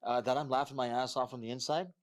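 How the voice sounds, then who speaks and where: A man's voice: mid-range voice, steady tone, fast talker. A man co-hosting a comedy chat show, bantering with mock exasperation in Hindi and English. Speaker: co-host.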